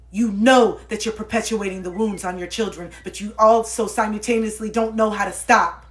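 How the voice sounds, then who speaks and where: A woman in her thirties gives spiritual life coaching in an impassioned livestream monologue, preaching with plenty of swearing. She swings between loud outbursts and low murmurs.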